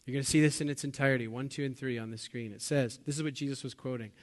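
A man preaching a sermon to his congregation, asking them questions and swinging between loud bursts and quiet, low lines. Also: fairly even intonation, rapid-fire. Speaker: pastor.

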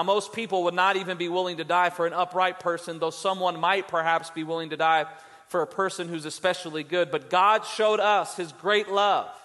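A male pastor preaches with a high voice, building to passionate emphasis and then dropping quiet and low. The sound rings with the long reverb of a church hall. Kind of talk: sermon.

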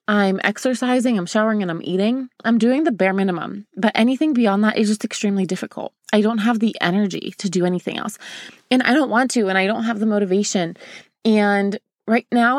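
A woman's voice: mid-range voice, no room sound. Woman confiding on her podcast, dry sound. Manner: open, emotional, confiding, addresses listener as a girlfriend. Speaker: podcast host. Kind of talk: casual heartfelt podcast talk.

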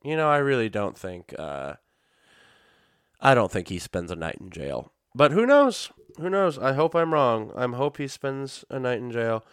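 A man's voice: medium pitch, animated, moderate pace, smooth, dry recording, clean studio sound. A man hosting his own podcast, talking casually and sarcastically in a rambling way, with sudden silly outbursts. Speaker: podcast host. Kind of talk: casual solo commentary.

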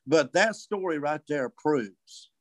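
A man, a guest telling a hunting story in a casual, animated way and acting out voices and calls. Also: on the high side, slow pace, dry recording. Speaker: guest turkey hunter.

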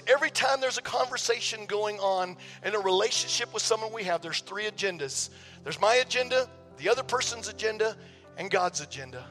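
High-voiced gravelly preacher man. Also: sharp tone, long reverb tail. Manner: conversational, emphatic preaching with repeated words. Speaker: pastor. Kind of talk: sermon. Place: church sanctuary.

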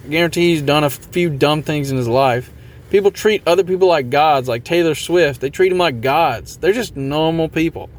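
A man's voice: a little high, normal speed. A man hosting a podcast, talking casually and motivationally, rambling a bit and poking fun at himself while repeating his catchphrases. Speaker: podcast host.

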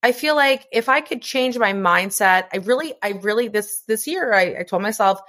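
A woman's voice: fairly high pitch, lively intonation, normal speed, fairly bright tone. A woman co-hosting a podcast, chatting earnestly about motherhood and swearing casually now and then. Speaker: podcast co-host. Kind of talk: casual chat.

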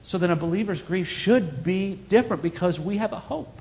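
A man's voice: sits high, a little fast, darkish tone, big-room sound. A man preaching a sermon as pastor, earnest and conversational, pressing his points with emphatic repetition.

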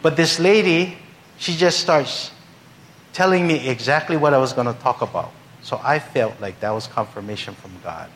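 A man's voice: mid-range voice, moderate pace, a bit bright, a little hiss or hum. A male pastor telling a humorous story in a sermon, acting out the voices of the people in it. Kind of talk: sermon anecdote.

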